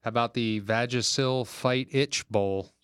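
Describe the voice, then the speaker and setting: A male co-host of a sports talk show who tosses in dry, deadpan one-liners. His voice is mid-pitched and recorded close and dry. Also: measured pace, smooth, no room sound. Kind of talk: casual comedic banter.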